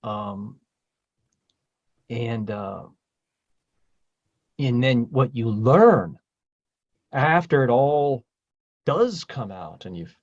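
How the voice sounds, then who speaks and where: A man leading a spiritual group talk, emphatic and salty-tongued. His pitch leaps around with real animation as he pushes his point. The recording sounds dull and lo-fi. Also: big pitch swings, very slow, long pauses. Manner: emphatic and profane, swings loud and high when stirred.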